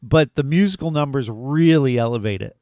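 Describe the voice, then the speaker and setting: A man's voice: medium pitch, fairly quick, mellow, no room sound. A man co-hosting a podcast, chatting eagerly about a film and rambling with fillers. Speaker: podcast co-host. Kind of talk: casual movie review chat.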